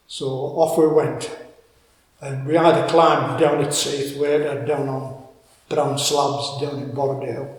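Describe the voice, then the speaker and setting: An older man with a Cumbrian accent telling a story in an interview, halting and repeating words as he goes. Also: medium pitch, fairly even intonation. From Cumbria, England. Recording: echoey room with long reverb.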